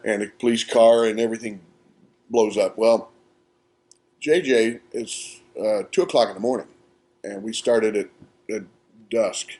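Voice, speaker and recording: A man, an actor guest, telling set stories with animated delivery and acting out quotes, recorded at a live podcast in a small theatre. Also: on the low side, a little slow, long pauses. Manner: animated, acts out quotes with laughter. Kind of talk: casual anecdotal storytelling.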